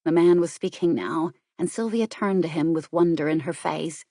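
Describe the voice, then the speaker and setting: A woman narrating an audiobook in a measured, even way. Her voice sits on the low side, and the recording is dry and close with no room sound. She reads at a steady, unhurried pace. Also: no room sound.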